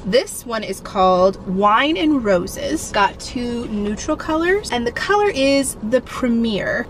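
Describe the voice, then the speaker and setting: A woman's voice: high-pitched, slight background noise, poor audio. A young woman from Ohio chatting bubbly and casually as she shows her shopping haul and crafts in her vlog. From Ohio, USA. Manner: chatty and bubbly, often laughing. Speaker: vlogger.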